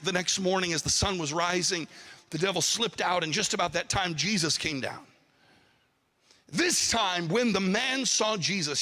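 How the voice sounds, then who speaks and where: A man preaching a sermon, telling a story with animated delivery and calling on his audience to respond. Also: high voice. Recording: long hall reverb.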